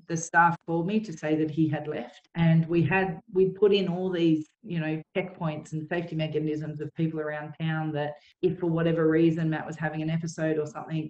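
A woman's voice: sits low, roomy sound, muffled recording. Woman recounting a painful memory. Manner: earnest, halting storytelling. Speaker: interview guest. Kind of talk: emotional personal account.

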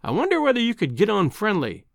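A man reading a balding old Scottish editor, kindly and a touch fussy. He talks in a measured way and gets easily alarmed. The voice swings up and down a lot, set close and dry, as in a storybook recording. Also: high-pitched, huge pitch swings, creaky, no room sound, pitched above the performer's own voice, exaggerated voice.

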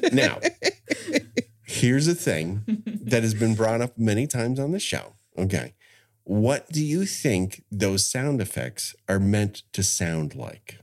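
A man's voice: fairly low pitch, very animated, takes it slowly. A middle-aged man hosting a podcast, chatting casually and explaining things at length with frequent restarts. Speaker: podcast host. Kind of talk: casual chat.

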